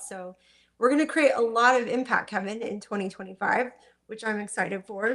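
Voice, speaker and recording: A woman hosting a live call, who thanks her guest and moves briskly on to the next topic. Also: mid-range voice, fairly bright tone. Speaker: host.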